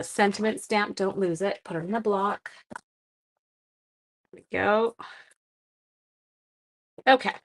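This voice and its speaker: A woman's voice: medium pitch, fairly bright tone. A woman hosting a live card-making tutorial from her home craft room, chatting casually with viewers and breaking off to talk to her dog.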